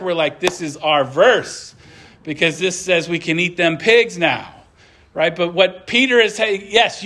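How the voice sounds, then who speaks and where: High-voiced man preaching a sermon. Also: fairly bright tone. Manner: earnest, conversational preaching with asides to the congregation. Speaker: pastor.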